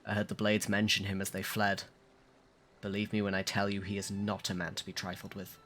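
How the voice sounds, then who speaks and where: A man's voice: on the low side, completely flat delivery, a little fast, fairly bright tone, slight background noise, lightly acted. A man reading aloud the lines of a suave young male scholar with formal, old-fashioned diction, as he plays a game on a live stream. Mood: wry.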